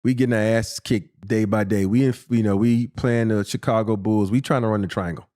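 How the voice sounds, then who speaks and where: A man in his fifties, a former basketball player and podcast guest, telling a profane, animated story and acting out what people said. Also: lowish voice, brisk. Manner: animated, profane, acts out quotes in a raised voice. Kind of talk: casual storytelling.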